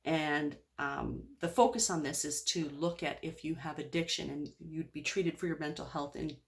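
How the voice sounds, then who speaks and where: A woman's voice: deep voice, steady tone, moderate pace, vocal fry. A woman speaking candidly in a personal video diary, open and rambling with lots of fillers. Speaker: vlogger.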